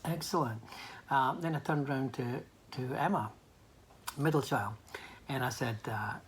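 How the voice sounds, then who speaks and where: A man's voice: medium pitch, unhurried, slight background noise. An older man giving a motivational training talk, telling a personal story in a hesitant, anecdotal way with many restarts.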